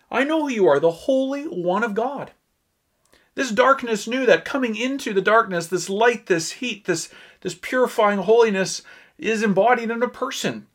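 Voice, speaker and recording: A male pastor delivering a sermon in an earnest, emphatic way, pausing on key words. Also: sits high, a bit bright.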